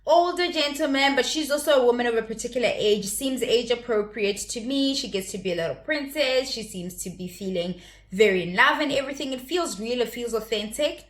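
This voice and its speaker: A woman's voice: a little high, expressive, brisk. A young adult woman hosting her own channel, giving a chatty, opinionated review of a reality show and often repeating words as she restarts. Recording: roomy echoey room.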